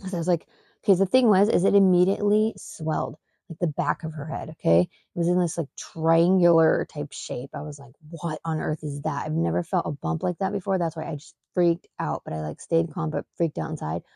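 A woman tells a story in a rambling, emphatic way, with many fillers and false starts. Her voice sits low and has a gravelly edge. The sound is dry and close, with no room echo. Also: fairly even intonation, brisk, dark tone. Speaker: mother and podcast host. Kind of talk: casual storytelling.

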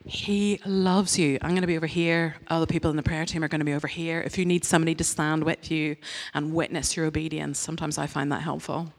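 Low-voiced woman preaching. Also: little pitch movement, fast talker, hardly any pauses. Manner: candid storytelling with self-mocking humor; earnest and direct in appeals. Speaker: church speaker. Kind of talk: conversational sermon.

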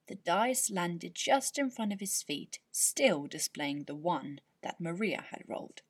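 A woman with a breathy voice, gently and expressively narrating a children's bedtime story. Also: lowish voice.

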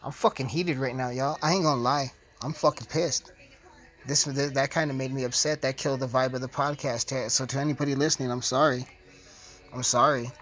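A man's voice: medium pitch, fairly even intonation, brisk, fairly bright tone. A man hosting his podcast, ranting in a heated, profane, casual way. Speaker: podcast host.

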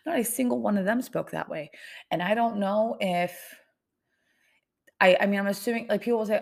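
Gravelly-voiced young woman, rambling podcast chat. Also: mid-range voice, moderate pace. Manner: rambling, many "like" fillers. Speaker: podcast host. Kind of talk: casual solo podcast chat.

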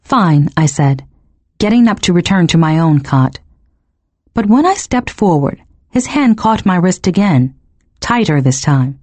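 A woman narrating a first-person novel in an expressive, emotionally engaged reading. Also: lowish voice, a little slow, no echo. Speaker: audiobook narrator.

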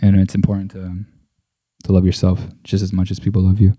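A young man rambles through a solo podcast in a low, dark, mellow voice that stays fairly flat. He swears freely and leans on "like" and "you know", speaking close to a desk microphone in a dry, tight-sounding room. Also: brisk, breathy edge, dry recording. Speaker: podcast host. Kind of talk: casual solo podcast monologue. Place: at a table indoors. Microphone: desk microphone close to the mouth.

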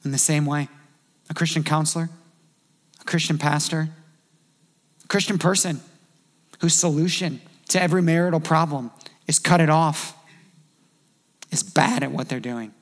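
A man delivering a sermon in a loose, conversational preaching style. His voice sits high for a man and carries a gravelly roughness. He slips into brief acted-out quotes to make his points. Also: moderate pace, pauses often. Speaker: pastor.

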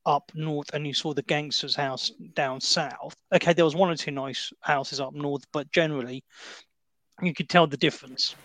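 A man's voice: a little high, fairly even intonation, normal speed, fairly bright tone, no room sound. A British man chatting casually about a film, explaining with asides and restarts. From Britain.

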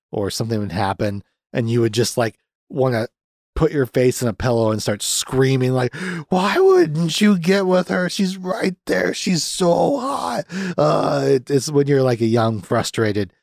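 A man's voice: lowish voice, a little mellow, no room sound, clean studio sound. A man in his thirties hosting a podcast, chatting casually and ramblingly about a film and swearing freely. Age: 30s. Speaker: podcast host. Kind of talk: casual movie review chat.

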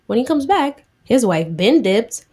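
A woman's voice: on the high side, sing-song, measured pace, warm tone, slightly rough. A young woman retelling a Bible story in a chatty, slangy way, acting out the characters' lines.

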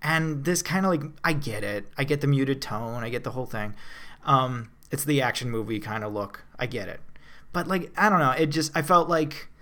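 A man's voice: mid-range voice, moderate pace, pushed and bright. A man co-hosting a podcast, chatting casually and animatedly about a film he reviewed, with many restarts and fillers. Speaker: podcast co-host.

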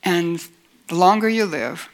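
A woman's voice: fairly low pitch, lively intonation, measured pace. A woman Bible teacher giving a sermon in an earnest voice, asking rhetorical questions and rising to emphatic points.

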